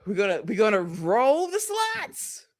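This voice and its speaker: A woman co-hosting a podcast, running through the night's wrestling with sarcastic, animated commentary. She talks in a middle register, and the sound is dry and close to the mic. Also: medium pitch, unhurried, dry recording. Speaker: podcast co-host.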